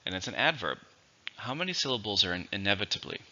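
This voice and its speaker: A man teaching English vocabulary, explaining words slowly and repeating each one. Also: lowish voice, sing-song, pushed and bright, muffled recording. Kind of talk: vocabulary lesson.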